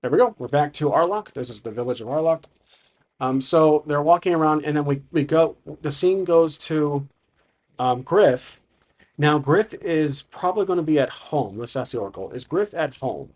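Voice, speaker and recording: Man, solo tabletop game master, thinking aloud, fairly high voice. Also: animated, normal speed, a little mellow. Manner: thinking aloud, many fillers and restarts.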